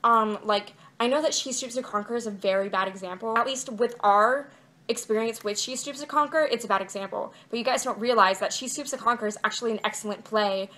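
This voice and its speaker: A young woman in a casual video diary talks straight to her camera. She rambles from one thing to the next and leans on fillers like "like" and "um", at an ordinary middle pitch. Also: pushed and bright. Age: young adult. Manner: rambling and chatty, many fillers like "like" and "um". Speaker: vlogger. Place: indoors, outside her bedroom.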